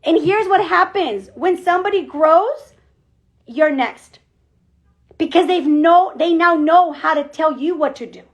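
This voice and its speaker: A woman team leader giving an energetic motivational pep talk on a group call, emphatic and repeating her phrases. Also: extremely high pitch, measured pace, highs cut off. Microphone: call audio.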